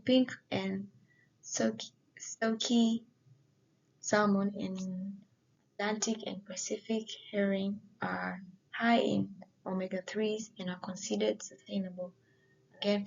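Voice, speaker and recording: A woman giving a slide presentation, halting and often filling pauses with "you know". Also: mid-range voice, flat delivery, vocal fry, a little mellow, lo-fi sound.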